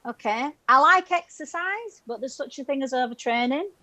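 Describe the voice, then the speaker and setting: A woman's voice: high voice, expressive, moderate pace, pushed and bright, rough recording. A woman in her forties from the UK doing a stand-up set over a video call, chatty and self-mocking, laughing at her own jokes. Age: 40s. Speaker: stand-up comedian.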